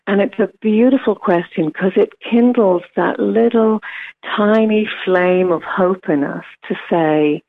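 NZ woman guest, gravelly voice, tinny phone line, thoughtful advice. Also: medium pitch, measured pace. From New Zealand. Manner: gentle, reflective, many fillers and restarts. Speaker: wellbeing expert guest. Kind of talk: radio interview, casual advice.

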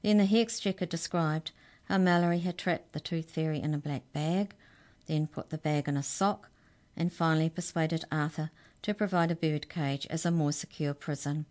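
A woman reading a children's story aloud as a storyteller, with clear, expressive narration. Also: low voice, moderate pace.

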